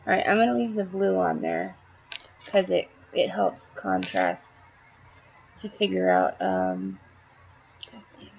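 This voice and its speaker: A slightly hoarse woman giving a rambling, blunt art tutorial, swearing casually as she works. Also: fairly low pitch, lively intonation, unhurried, dull audio, slight background noise.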